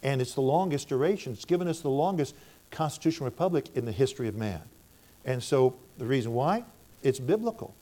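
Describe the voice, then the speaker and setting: An older man from the United States preaches with a warm, mellow voice. He tells stories from his ministry and plays both sides of each exchange. His manner is that of a minister giving his testimony to a church. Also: mid-range voice, lively intonation, brisk. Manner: storytelling, acts out both sides of conversations in a raised voice.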